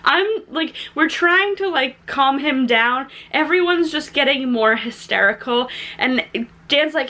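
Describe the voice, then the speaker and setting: A young woman tells a storytime story straight to camera. She talks in an animated, chatty way with plenty of "like"s. Her voice is bright and sits a little high. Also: unhurried. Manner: animated, chatty, says "like" often; laughs while telling the story. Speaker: vlogger. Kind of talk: storytime vlog.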